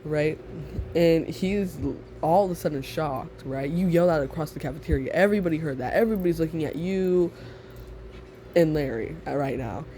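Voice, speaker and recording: A man's voice: a little high, moderate pace, warm tone, slight background noise. A young man casually telling a second-person listener story, rambling and giggly, with many fillers.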